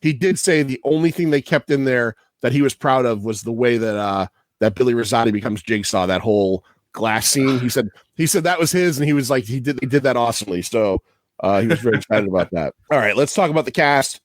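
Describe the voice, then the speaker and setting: A man's voice: medium pitch, fairly quick, no echo, studio quality. A man hosting a podcast, talking casually and profanely, rambling through trivia and laughing often. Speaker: podcast host.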